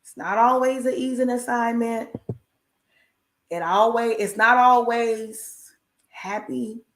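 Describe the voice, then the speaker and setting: A woman's voice: fairly high pitch, fairly even intonation, slow pace, fairly bright tone, roomy sound. A woman giving an encouraging faith talk on a livestream, emphatic and repetitive, with a preacher-like cadence and folksy asides. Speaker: inspirational speaker.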